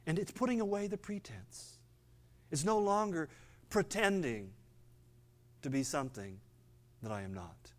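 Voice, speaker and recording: An older man giving a sermon as pastor, conversational, with playful asides and passages where he drops low and quiet for emphasis. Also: lively intonation, a little slow, pauses often.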